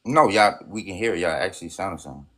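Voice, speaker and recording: A man's voice: deep voice, lively intonation, brisk, fairly bright tone. A man hosting a casual livestream chat with callers. He is insistent, repeats himself and keeps cutting in. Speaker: livestream host.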